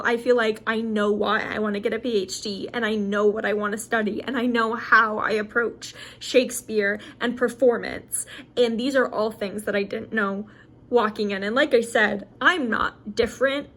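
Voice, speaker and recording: A woman's voice: fairly high pitch, a bit bright. A woman in her twenties, a graduate student, talking candidly to the camera in a casual study vlog, chatty and full of fillers and self-corrections. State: briefly emotional.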